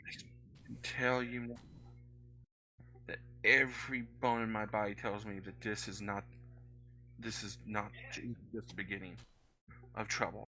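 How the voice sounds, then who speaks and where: A man voicing Maxine, a worried middle-aged woman at an inn who speaks in a soft, earnest way. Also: on the low side, steady tone, measured pace, long pauses, slight background noise, pitched below the performer's own voice, heavily acted, rough recording.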